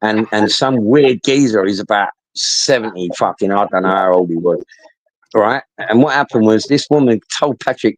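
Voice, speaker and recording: A man's voice: on the low side, normal speed, no echo, low-quality recording. Sweary London man in his fifties. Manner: swears a lot, rambling, animated storytelling. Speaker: talker recounting stories. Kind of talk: casual chat.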